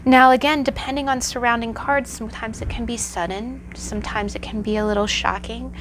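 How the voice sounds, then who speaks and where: A woman's voice: a little high, fairly bright tone, a little hiss or hum. A woman giving a conversational tarot lesson, reflective and telling stories with many asides. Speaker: tarot teacher.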